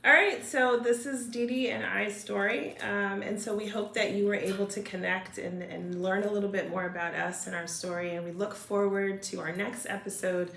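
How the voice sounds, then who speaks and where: A woman co-hosting a podcast, telling a personal story in soft-spoken conversation. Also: mid-range voice, fairly even intonation, normal speed, gravelly, hardly any pauses, reverberant, slight background noise. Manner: soft-spoken, quotes people as she tells it. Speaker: podcast co-host.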